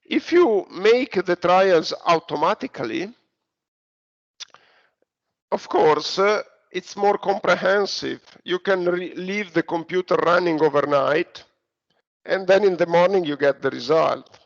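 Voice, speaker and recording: Slow, hesitant Italian male lecturer. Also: sits high, gravelly. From Italy. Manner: hesitant, many fillers and restarts. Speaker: university lecturer. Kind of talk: online lecture. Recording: dull lo-fi recording.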